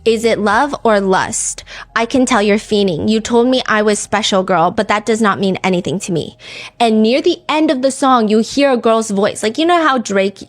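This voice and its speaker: A woman's voice: a little high, normal speed. A woman hosting a podcast, telling a true-crime story in a casual, chatty way, full of "like" and "you know.". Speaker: podcast host.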